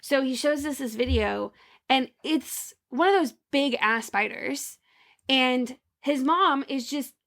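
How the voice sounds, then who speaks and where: A young woman co-hosting a podcast, chatting casually and telling an animated story with lots of fillers. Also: high-pitched, takes it slowly. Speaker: podcast co-host.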